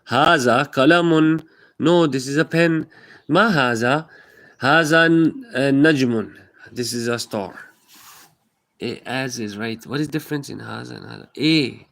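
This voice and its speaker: A man's voice: mid-range voice, gravelly, a bit bright. Chatty man teaching Arabic on a live stream. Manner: repeats phrases, chatty, self-deprecating asides.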